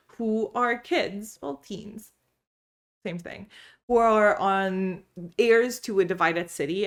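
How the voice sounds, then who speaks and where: A chatty woman vlogging about books from home. She talks casually, bubbly and animated, telling stories and laughing easily. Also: on the low side. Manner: animated storyteller. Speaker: book vlogger. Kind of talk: casual chat.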